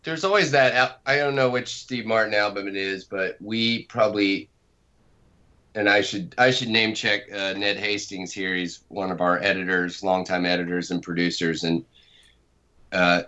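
Low-voiced guy, bright punchy tone, casual chat, jokes on himself a lot. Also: fairly even intonation, normal speed, muffled recording. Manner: chatty, laughs easily, self-deprecating. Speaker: co-creator and podcast guest. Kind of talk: casual conversation.

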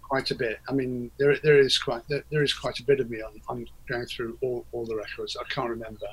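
A husky man rambles through old recording stories, stopping often to restart his sentences. His voice sits at an ordinary pitch, with a slight rasp throughout. He sounds like a guest in a relaxed conversation. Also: brisk, rough recording. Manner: rambling, hesitant, many fillers and restarts. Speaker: interview guest, record producer. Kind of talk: casual interview.

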